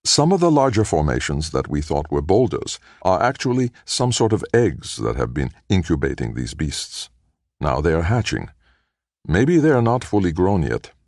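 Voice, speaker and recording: An eager male scientist in an audiobook, played by a male narrator, his voice quivering with excitement. The tone sits very low and gravelly, with a lively melody. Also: fairly quick, dry recording, studio quality, full character voice. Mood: excited. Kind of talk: audiobook character voice.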